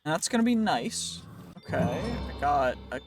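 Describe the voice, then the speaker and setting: High-voiced man rambling through a let's play. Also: sing-song, normal speed, over music. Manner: rambling, playful talk to himself. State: voice tiring, a bit worn. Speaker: gaming channel host.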